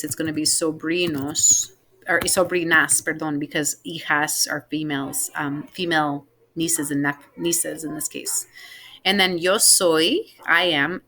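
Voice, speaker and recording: A woman's voice: deep voice, bright, forceful tone. A woman teaching a recorded Spanish class, patiently explaining family words step by step with frequent ums.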